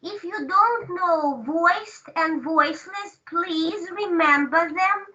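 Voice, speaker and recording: A woman teaching an online language class, speaking slowly and repeating herself, often checking in with "right?". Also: extremely high pitch, sharp tone. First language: Russian. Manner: slow, repetitive, checks in with "right?". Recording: distant, dull lo-fi sound.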